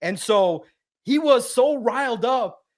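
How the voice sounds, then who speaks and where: High-energy man telling a story. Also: lively intonation, slow pace. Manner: high-energy, acts out quotes loudly. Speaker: guest sports writer. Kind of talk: animated storytelling.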